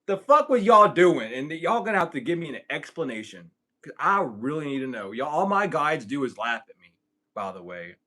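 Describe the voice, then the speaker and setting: A man with a medium-pitched, sing-song voice and a sharp tone talks a little fast. He's a spiritual content creator answering questions on a casual livestream, joking and rambling with plenty of swearing.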